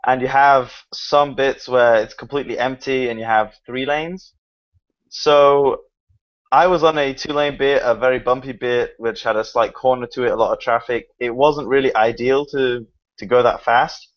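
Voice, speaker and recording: A man telling a story in a relaxed, chatty way, dropping a few fillers. His pitch is ordinary for a man. The audio is dull and lo-fi, like a call. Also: moderate pace. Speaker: motovlogger guest. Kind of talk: casual chat.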